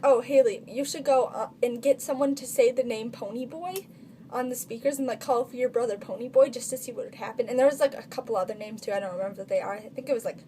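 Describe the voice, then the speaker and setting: A teenage girl chats through her funny stories for a vlog, stringing thoughts together with a constant "like." Her voice sits a little high with a mellow, soft tone. A faint background noise hums under the recording. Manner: chatty, constant filler "like". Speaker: vlogger. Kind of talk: casual storytelling vlog.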